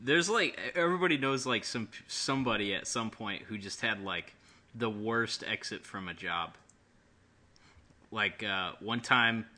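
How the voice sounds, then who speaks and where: A man's voice: fairly low pitch, sharp tone. A man co-hosting a casual podcast, chatting and telling stories with lots of fillers and easy laughter. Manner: laughs easily, storytelling with many fillers. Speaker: podcast co-host. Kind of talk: casual chat.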